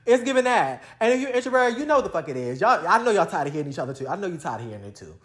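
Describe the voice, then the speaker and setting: A vlogger with a fairly low, sing-song voice races through a casual on-camera rant. Speaking right to her viewers, she's blunt, swears often and leans heavily on slang.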